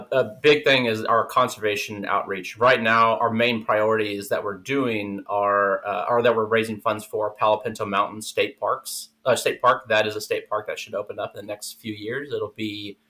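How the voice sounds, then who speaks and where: A man's voice: on the low side, normal speed, pushed and bright. A man in his thirties from South Texas, a nonprofit manager explaining his work as a podcast guest in an easygoing way, with many fillers. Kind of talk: conversational podcast interview.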